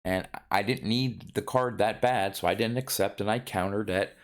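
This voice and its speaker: Man, low voice, loose and chatty hobby vlogger, lots of ums and false starts. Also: normal speed. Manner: rambling, many ums and restarts. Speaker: card collecting vlogger. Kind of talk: casual rambling monologue.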